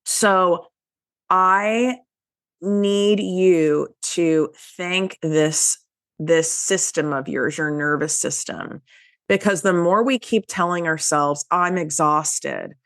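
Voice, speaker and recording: A woman's voice: on the low side, slow pace, a bit bright, dry recording, clean studio sound. A woman hosting a motivational podcast, talking casually and emphatically straight to her listeners, with a stuffy nose. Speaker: podcast host.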